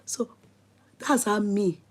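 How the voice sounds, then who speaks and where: A woman with a Nigerian accent telling her viewers a personal story in a casual, animated way. She laughs often, mixes in Yoruba and Pidgin, and sometimes drops to a near-whisper. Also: medium pitch, slow pace. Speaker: host.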